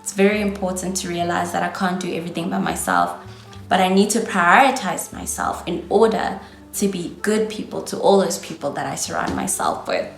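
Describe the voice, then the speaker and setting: Brief: twenties South African woman vlogger, South African accent, chatty and encouraging, lowish voice, echoey room, faint music. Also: sing-song, fairly quick. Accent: South African English. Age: 20s. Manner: chatty, encouraging, calls viewers darling. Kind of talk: casual advice talk to camera.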